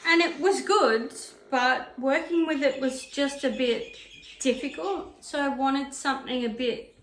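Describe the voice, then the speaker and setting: A woman's voice: high voice, a little slow, fairly bright tone, slight background noise. A woman vlogging about knitting and sewing, telling a story in a chatty, digressive way while ironing at home. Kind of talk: casual chat. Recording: echoey room.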